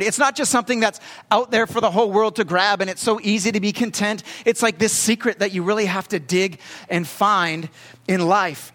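A young adult man preaching a storytelling sermon as pastor, talking in a conversational, halting way with plenty of fillers. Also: high voice, fairly bright tone. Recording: long hall reverb.

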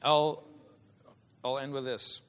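Bright-voiced preacher man in a reverberant hall. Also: medium pitch, flat delivery, slow pace, smooth. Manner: impassioned, swinging from quiet to shouting. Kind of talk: sermon.

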